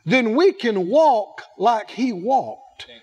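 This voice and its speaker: Male preacher, high voice, sweeping pitch, slow emphatic delivery, questions to the crowd. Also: sing-song, darkish tone. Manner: emphatic, drawn-out phrasing with questions to the audience; plays out little acted dialogues. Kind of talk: sermon to a responding congregation.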